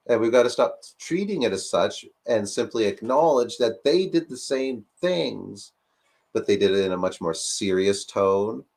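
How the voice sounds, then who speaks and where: A man in casual discussion, talking animatedly with lots of fillers and rhetorical questions. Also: lowish voice.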